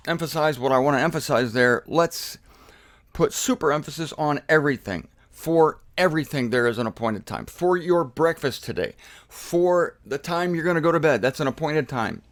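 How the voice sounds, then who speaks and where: A man's voice: on the high side, no echo. Emphatic man teaching scripture casually. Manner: playful, emphatic, repeats key words. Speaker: Bible teacher. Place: home room.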